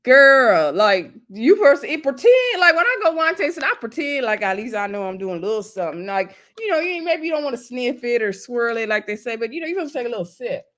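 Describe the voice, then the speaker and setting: A woman vlogger recapping a reality TV episode in a casual, gossipy, animated way, with loose slangy talk and asides to her viewers. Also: on the high side, fairly quick, hardly any pauses. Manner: loose slangy speech addressing viewers as y'all.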